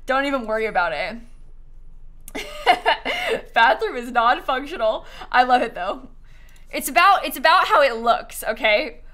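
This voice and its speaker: A woman's voice: high-pitched, wildly swooping pitch, measured pace, pushed and bright. A young woman doing casual live-stream commentary as she tours viewer builds, bubbly and giggly, gushing over what she sees.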